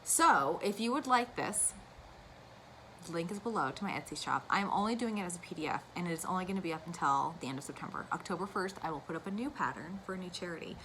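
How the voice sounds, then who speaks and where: Casual woman vlogger, a little low-pitched, chatty and enthusiastic, light room hum behind. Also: animated, quick pace, fairly bright tone, poor audio. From United States. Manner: chatty and gushing, with asides. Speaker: cross-stitch vlogger. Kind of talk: casual chat to camera.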